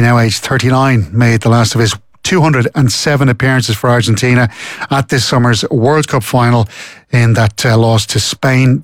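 An Irish man in casual podcast chat, telling a story with easy humour and then moving into sports news at a steady clip. His voice sits in an ordinary middle register. The sound is close and dry. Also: medium pitch, no room sound. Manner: chatty storyteller, reads news in a steady run. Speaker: podcast co-host.

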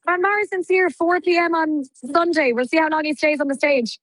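A bubbly Irish woman with a bright, high voice chats live on the radio, full of laughs and quick asides. Her sound is close and dry. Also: fairly even intonation, dry recording, rough recording. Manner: bubbly, chatty, laughs often. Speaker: radio presenter reporting live from a festival. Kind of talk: live radio phone-in chat. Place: outdoors in heavy rain at a festival.

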